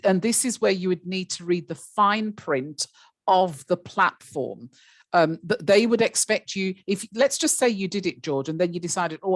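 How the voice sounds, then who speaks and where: Woman, webinar trainer, lowish voice, chatty, filler-heavy, dry close sound, video call. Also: no room sound. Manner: chatty, many fillers, addresses attendees by name. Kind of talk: live webinar teaching.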